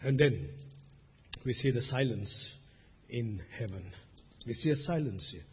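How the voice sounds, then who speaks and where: A man preaching a sermon as pastor, swinging between loud emphasis and hushed asides. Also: mid-range voice, expressive, unhurried, husky. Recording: dull recording with long hall reverb.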